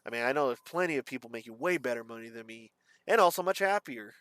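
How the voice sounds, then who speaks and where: Young guy rambling on, kinda halting, little lisp, mid pitch, super dry sound. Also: lively intonation, a bit bright, no echo. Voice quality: slight lisp or slur. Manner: rambling, halting, self-described stutter. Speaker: streamer. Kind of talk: casual vlog monologue.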